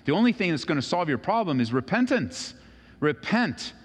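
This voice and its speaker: Brief: male pastor, lively pitch, sermon delivery, big echoing church hall. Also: normal speed, slightly rough. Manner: animated, acts out voices of Bible figures. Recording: long reverb of a large hall.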